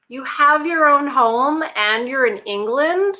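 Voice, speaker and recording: A woman's voice: high-pitched, lively intonation, slow pace, sharp tone. A woman hosting a reaction video, giving blunt, sarcastic commentary and talking back at the clips.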